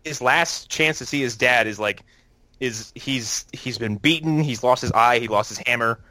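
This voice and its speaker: A young man co-hosting a podcast in casual chat, animated and swearing freely, acting out quotes as he talks. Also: mid-range voice, normal speed, no room sound. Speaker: podcast co-host.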